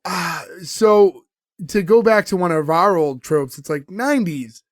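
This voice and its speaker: A man with a slightly higher voice recaps a sitcom scene for a podcast, hesitating often and acting out the characters' lines. The recording is dry and close, with no room sound. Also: expressive, a little slow, dry recording. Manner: retells scenes with quoted lines, many fillers. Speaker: podcast co-host recapping an episode. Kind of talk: casual chat.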